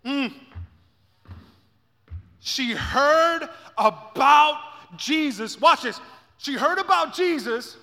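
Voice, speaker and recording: Male pastor, high bright voice, passionate sermon builder, reverberant church hall. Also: expressive, drawn-out words, long pauses. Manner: builds from quiet intensity to shouting climaxes, repeats phrases.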